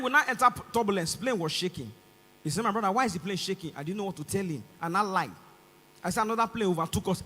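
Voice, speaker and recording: Stand-up comic, Nigerian man, Nigerian accent, high-pitched and piercingly bright, live mic with faint hum. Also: big pitch swings, fast, long reverb tail. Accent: Nigerian English. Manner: acts out both sides of the dialogue, rising to shouts. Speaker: stand-up comedian. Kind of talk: stand-up comedy. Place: large concert stage.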